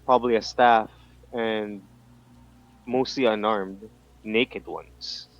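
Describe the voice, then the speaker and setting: Low-voiced man playing a tabletop game. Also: fairly even intonation, slow pace, highs cut off. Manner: thinks aloud, trailing restarts. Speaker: player. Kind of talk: casual tabletop game play.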